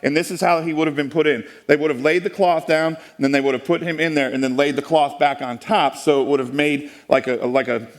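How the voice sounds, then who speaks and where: A man's voice: a little high, fairly even intonation, a little fast, hardly any pauses. Folksy joking man giving a talk. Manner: folksy, joking, with many restarts. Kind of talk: live presentation to an audience.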